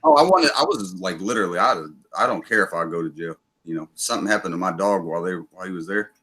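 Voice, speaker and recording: A man's voice: low-pitched, fast talker, fairly bright tone. A man hosting a livestream, telling rambling, profane stories in casual chat. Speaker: livestream host.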